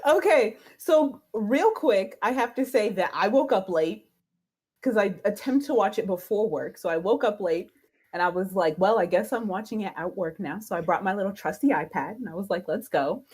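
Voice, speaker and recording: A woman's voice: mid-range voice, animated, moderate pace, a little mellow, husky. A woman co-hosting a fan stream over a video call, gushing emotionally and laughing often. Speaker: podcast co-host. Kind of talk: excited fan stream chat.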